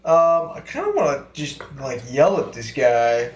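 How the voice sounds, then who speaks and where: Very animated man playing a tabletop game. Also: medium pitch, a little slow. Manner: excitable, laughing easily. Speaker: player. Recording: echoey room with noise.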